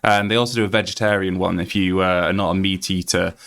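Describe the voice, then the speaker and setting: A Yorkshire man chatting on his game stream. His voice sits low and relaxed. He rambles freely, reads text aloud, and fills the gaps with ums and uhs. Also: fast talker, creaky. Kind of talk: casual live-stream chat.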